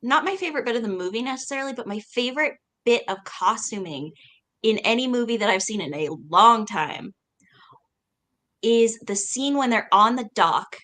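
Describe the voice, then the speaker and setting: Woman, podcast co-host, casual chat, bright voice, very animated pitch, enthusiastic, laughs easily. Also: moderate pace.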